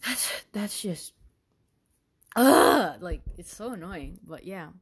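A woman's voice: fairly low pitch, unhurried, husky. A young woman hosting her own podcast, chatting casually and rambling with many fillers. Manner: rambling, animated, lots of fillers. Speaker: podcast host. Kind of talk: casual solo podcast chat.

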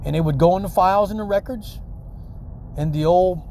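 A middle-aged man rants straight to his viewers, swearing often and circling back on his own words. His voice sits a little higher than most men's. The delivery is loose and unscripted, with many stops and restarts. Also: fairly quick, mellow, slight background noise. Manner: profane, rambling, heated rant with many restarts. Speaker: former radiology technician vlogger. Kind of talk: rambling monologue to camera.

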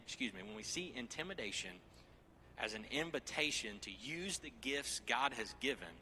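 Preacher in his 30s, jokey casual sermon voice, really bright tone. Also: mid-range voice, slight background noise. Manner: joking, lively asides to the congregation.

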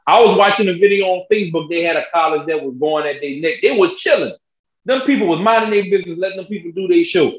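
A young man, co-hosting a casual sports podcast, telling animated stories and acting out quotes. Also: fast talker. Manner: animated storyteller, acts out quotes in a high voice. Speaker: podcast co-host. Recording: roomy, dull lo-fi sound.

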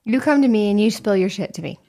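A woman's voice: medium pitch, animated, quick pace, warm tone. A woman co-hosting a podcast, talking frankly and candidly in casual chat, with free swearing. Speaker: podcast co-host.

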